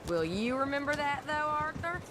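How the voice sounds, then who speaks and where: A mischievous outlaw woman who tosses out catty, playful remarks in this western video game. Her high voice bounces all over. Loud hoofbeats nearly swamp her. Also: very animated, normal speed. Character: mischievous young outlaw woman, sharp-tongued. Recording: game audio under loud hoofbeat noise. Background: horse hooves.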